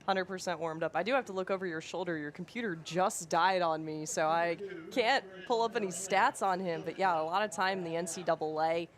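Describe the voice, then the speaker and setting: Chatty low-voiced woman commentator. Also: fairly quick, hardly any pauses. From California. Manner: chatty, laughs easily. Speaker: color commentator. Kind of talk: casual broadcast banter.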